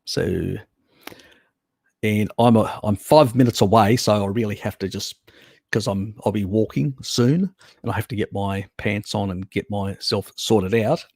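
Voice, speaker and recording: A relaxed Australian man chatting on his own live stream, rambling loosely and swearing now and then. His voice sits low with a gravelly fry. The sound is dry, with no room around it. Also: measured pace, dry recording. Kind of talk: casual chat reading viewer comments.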